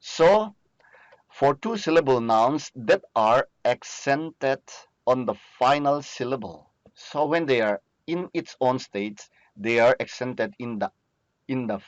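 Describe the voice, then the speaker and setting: Male teacher, slow and patient, dry close-miked lo-fi lecture recording. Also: medium pitch, no echo. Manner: slow, patient, asks and answers own questions.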